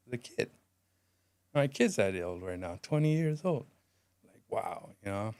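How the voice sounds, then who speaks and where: A man in his forties, a podcast guest, telling his story candidly in plain street-style talk and going quiet on the heavy parts. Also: lowish voice, clean tone, no echo. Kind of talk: emotional storytelling.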